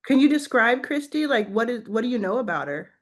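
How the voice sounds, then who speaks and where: A woman hosting a casual chat, talking in an animated way, full of restarts and "like". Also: fairly high pitch, a little fast. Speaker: host.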